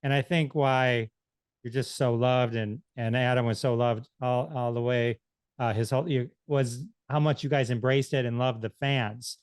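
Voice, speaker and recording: Man, podcast host, smooth resonant voice, dry close sound, rambles and restarts. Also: medium pitch, steady tone, moderate pace, no echo. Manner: friendly, rambling, restarts sentences. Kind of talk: casual interview.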